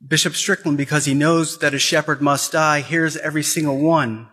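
A man's voice: fairly high pitch, steady tone, normal speed, sharp tone, husky. A man giving an impassioned Catholic talk, repeating phrases and pressing urgent questions. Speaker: Catholic speaker.

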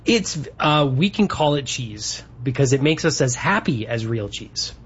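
A male radio co-host chatting in a relaxed, agreeable way with quick reactions. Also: mid-range voice, slightly rough, muffled recording. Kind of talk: casual radio banter.

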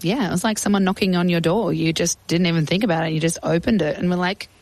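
A woman's voice: lowish voice, fairly even intonation, fast talker, a little mellow, dry recording, low-quality recording. A young woman recounting her past as an interview guest, chatty and acting out quoted voices. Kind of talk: casual storytelling.

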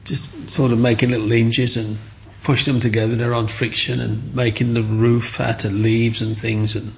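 An older man with a gravelly, creaky voice. He tells his stories with animated warmth, at an ordinary pitch, and now and then slips into other people's voices. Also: moderate pace, a little hiss or hum. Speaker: interviewee. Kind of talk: storytelling interview.

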